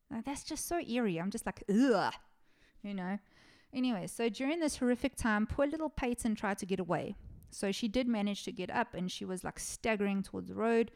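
A woman's voice: fairly high pitch, darkish tone. A woman, hosting a podcast and telling a true-crime story in a casual, chatty way, swearing often and laughing at her own sarcastic asides. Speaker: podcast host.

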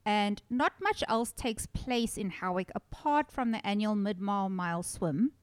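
A woman's voice: medium pitch, unhurried, clean tone, no room sound. A woman from South Africa hosting a podcast, chatting casually and telling a story with lots of laughter. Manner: giggly, animated storyteller. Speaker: podcast host. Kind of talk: casual chat.

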